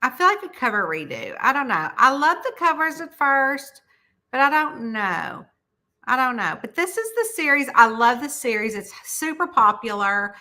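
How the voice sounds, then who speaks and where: A middle-aged woman chatting casually with viewers on a livestream. Her voice is bright and sits a little high. She talks in a lively, animated way, jumping up into high voices when she quotes people. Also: moderate pace. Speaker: mystery author hosting a livestream.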